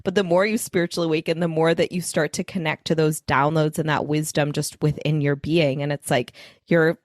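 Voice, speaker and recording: A woman's voice: low voice, level tone, a little fast, no echo, clean studio sound. A young woman co-hosting a podcast, rambling in casual chat and peppering her talk with "like". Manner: chatty, rambling, many "like" fillers. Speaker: podcast co-host.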